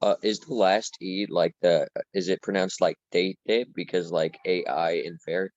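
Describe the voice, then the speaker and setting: A man with a very deep voice asks his teacher curious, tentative questions. He speaks with plenty of fillers. The audio is dry and dull, like a call. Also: flat delivery, a little slow, dry recording. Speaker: student. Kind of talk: asking questions in class.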